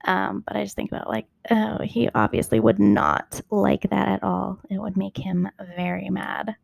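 Candid woman podcaster with a gravelly voice. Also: mid-range voice, normal speed, no echo. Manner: candid, rambling, with asides and self-corrections. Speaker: podcast host. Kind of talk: casual solo podcast monologue. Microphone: recording into her phone.

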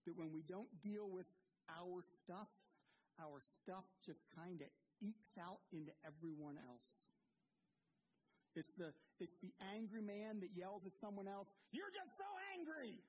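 A man, a pastor, preaching an earnest sermon with emphatic pauses and repeated words. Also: sits high, darkish tone, slight background noise, poor audio.

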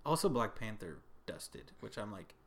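A man's voice: fairly low pitch, very animated, normal speed, creaky, fairly bright tone. A young man co-hosting a podcast, rambling in casual chat and laughing often. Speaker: podcast co-host. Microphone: podcast mic.

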